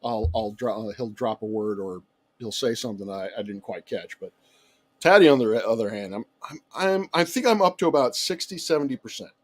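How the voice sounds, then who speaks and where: A man's voice: on the low side, a little fast, breathy edge. A man, a guest in casual chat, easygoing and chuckling. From United States.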